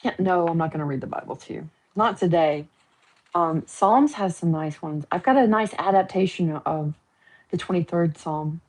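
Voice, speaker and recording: A woman's voice: lowish voice, moderate pace, a little mellow, rough recording. A woman hosting a casual livestream from home, chatting, joking and teasing as she talks. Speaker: livestream host. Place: at home, painting her nails.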